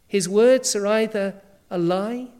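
Woman, preacher, sermon, emphatic, rhetorical questions, medium pitch. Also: slow pace, mellow, smooth.

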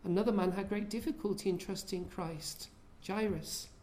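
A woman's voice: mid-range voice, fairly even intonation, moderate pace, mellow. A woman preaching a sermon in an earnest way, often asking her listeners questions.

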